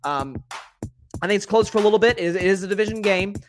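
A man's voice: sits high, over music. A man hosting a solo sports talk podcast, speaking in an opinionated, candid way, addressing his listeners directly and correcting himself as he goes. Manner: opinionated and candid, talks straight to listeners as folks; conversational with quick self-corrections.

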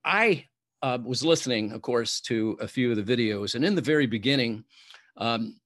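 A man interviewing a guest, framing long questions haltingly with many pauses and fillers. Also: mid-range voice, lively intonation, fairly bright tone.

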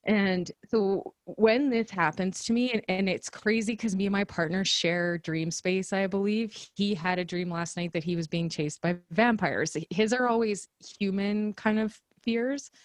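A woman co-hosts a podcast, telling a story in casual chat and laughing often. Her mid-range voice keeps a measured pace with few pauses, and the studio-quality recording has no room sound.

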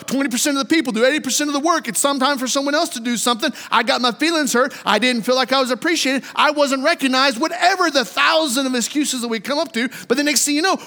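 A middle-aged man preaching a sermon, animated in his storytelling and repeating his phrases. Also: very high voice. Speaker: pastor. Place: church sanctuary. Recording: long reverb of a church hall.

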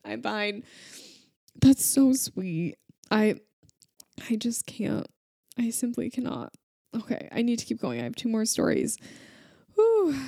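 A woman's voice: mid-range voice, a little mellow, dry recording, clean studio sound. A woman in her thirties hosting a podcast, reading out listener stories and gushing over them in an emotional, chatty way with lots of fillers. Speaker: podcast host. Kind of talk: reading listener stories aloud, casual chat.

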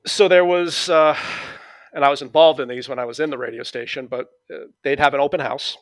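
A middle-aged man with a New England accent tells stories in relaxed conversation, stopping often on fillers and restarts. His voice sits at an everyday pitch and sounds dry and close to the mic. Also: a little fast, no echo. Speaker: interview guest. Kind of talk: conversational reminiscing.

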